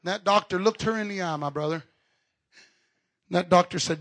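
A man preaching an impassioned revival sermon at a live church service. He builds to shouting and often stammers and repeats words. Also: high voice, moderate pace.

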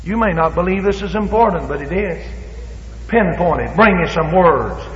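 This Pentecostal preacher, a man, speaks at a normal speed in an expressive voice that sits high, hammering his points fervently and dramatizing bits of dialogue. He's in a church or revival hall. The recording is echoey, dull, and lo-fi, with slight background noise.

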